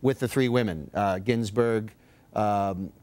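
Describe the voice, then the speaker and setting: A man hosting a comedy talk show as a deadpan, patient straight man. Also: on the low side, slow pace.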